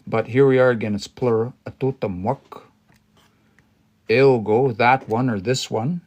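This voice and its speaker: A man's voice: mid-range voice, steady tone, unhurried, darkish tone. A man teaching a language on a livestream, thinking aloud and explaining word by word, with many restarts and hesitations.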